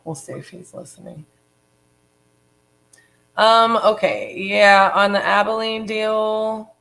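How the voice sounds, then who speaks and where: A woman's voice: medium pitch, steady tone, slow, vocal fry, a bit bright, low-quality recording. A woman co-founder of a real estate business talking casually and frankly on a live stream, full of fillers like "um" and "you know". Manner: chatty, frank, many fillers.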